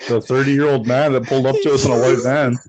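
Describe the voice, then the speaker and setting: A man's voice: fast talker, slight background noise, low-quality recording. A young man co-hosting a podcast, joking and teasing among friends in casual chat. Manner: animated, jokey, jumps high in pitch when teasing. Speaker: podcast co-host.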